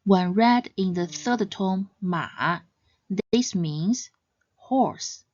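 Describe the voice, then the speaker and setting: A woman narrates a scripted lesson very slowly, setting out each point in a measured, explanatory way. Her voice sounds close and dry, with no room around it. The sound is a little dull and lo-fi. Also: medium pitch, dark tone, dry recording. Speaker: language teacher.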